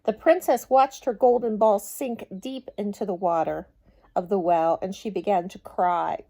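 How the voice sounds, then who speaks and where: A woman reading a picture book aloud to young children, gentle and expressive, chatting with them between pages. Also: mid-range voice, measured pace, vocal fry. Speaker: storyteller.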